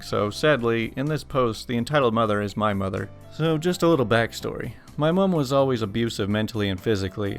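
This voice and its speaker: A man hosting a channel, reading online stories aloud with casual, amused commentary. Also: on the low side.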